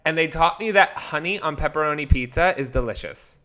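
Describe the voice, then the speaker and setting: A man's voice: on the high side, lively intonation, fairly quick, sharp tone. A young man co-hosting a podcast, telling a story in a rambling, hesitant way with many restarts. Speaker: podcast co-host. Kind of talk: casual chat.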